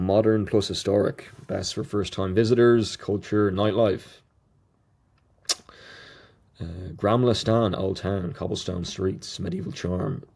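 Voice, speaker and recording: A man with a low, gravelly voice hosts a solo podcast. He reads through his list item by item and stumbles over unfamiliar words, adding small asides as he goes. His tone is dark and mellow. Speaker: podcast host. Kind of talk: solo podcast reading notes aloud.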